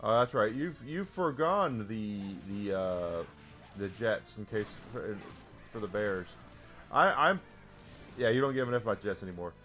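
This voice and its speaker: A man's voice: on the low side, expressive, a little slow, bright, forceful tone, faint music behind. A man live-streaming a retro game, chatting casually with viewers in a rambling, talkative way. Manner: rambling, restarts, heated about sports.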